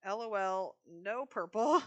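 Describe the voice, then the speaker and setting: A woman's voice: mid-range voice, animated, slow, fairly bright tone. A woman live streaming a video game, chatting casually with her viewers while she decorates.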